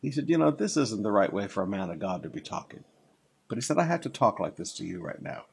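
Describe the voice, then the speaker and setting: A man's voice: on the low side, sing-song, quick pace, vocal fry, husky. An older man preaching a sermon, teaching through a Bible passage in a conversational way, with asides and repeated phrases. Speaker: pastor.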